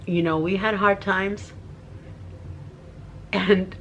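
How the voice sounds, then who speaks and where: A middle-aged woman shares a heartfelt personal story with her viewers, her voice tearful as she goes. She rambles with fillers in a mid-pitched, casual way, speaking straight to camera. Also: normal speed, a bit bright, a little hiss or hum. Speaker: vlogger.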